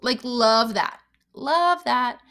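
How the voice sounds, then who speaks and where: A woman's voice: on the high side, very slow, sharp tone. A young woman coach giving an encouraging motivational talk, emphatic and repeating key phrases for weight. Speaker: self-help coach. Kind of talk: motivational monologue to camera.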